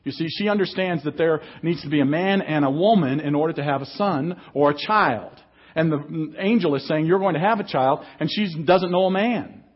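A man's voice: a little high, normal speed, muffled recording. A man preaching an emphatic sermon as pastor at a church service. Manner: emphatic preaching, reads scripture aloud.

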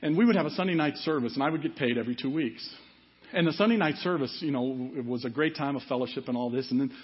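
A man's voice: medium pitch, quick pace, slightly rough. A middle-aged man preaching a sermon in a conversational way, asking the congregation questions as he goes. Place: church service. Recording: dull, muffled sermon audio.

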